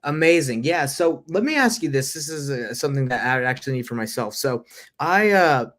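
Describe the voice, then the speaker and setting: A man hosts a podcast in an easygoing manner. He puts questions to his guest as if they were just chatting. His voice sits at a medium pitch. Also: brisk. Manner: relaxed, conversational questioning. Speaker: podcast host. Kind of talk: casual interview chat.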